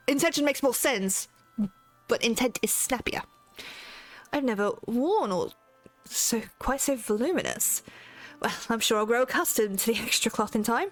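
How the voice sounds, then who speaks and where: A woman's voice: high-pitched, very animated, moderate pace, long pauses, faint music behind. A woman streaming a game, chatting casually as she plays. She laughs often and swears freely. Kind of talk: casual gameplay commentary.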